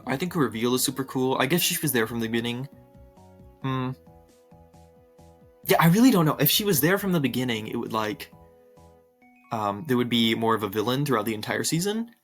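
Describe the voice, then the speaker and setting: A man's voice: fairly low pitch, a bit bright. A young man chatting casually with many ums and likes, giggling often while reacting to viewer opinions on a cartoon series. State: tired. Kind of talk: casual commentary.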